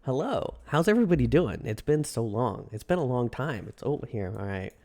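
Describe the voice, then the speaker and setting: A man's voice: mid-range voice, expressive, moderate pace, darkish tone. A man livestreaming and chatting casually with viewers, greeting them in singsong runs and joking in a dramatic, self-mocking way. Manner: repeats greetings in a singsong run. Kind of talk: casual chat with live viewers.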